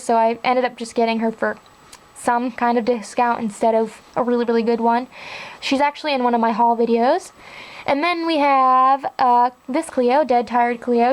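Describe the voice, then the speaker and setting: A woman's voice: a little high, low-quality recording. A young woman chatting casually and enthusiastically as she shows her doll collection on camera. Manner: chatty and enthusiastic, with frequent "like" and "really, really". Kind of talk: casual show-and-tell narration.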